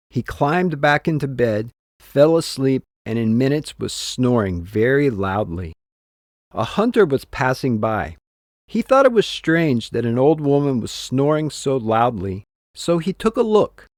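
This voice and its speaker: Slow, lively man reading a storybook. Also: mid-range voice, dry recording, clean studio sound. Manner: slow, lively and clearly paced. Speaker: textbook audio narrator. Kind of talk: scripted storybook narration for learners.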